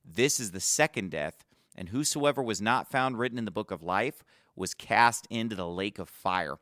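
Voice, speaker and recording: A man's voice: on the low side, animated, normal speed, fairly bright tone, no echo, clean studio sound. A man preaching a gospel sermon, earnest and emphatic, quoting scripture as he goes.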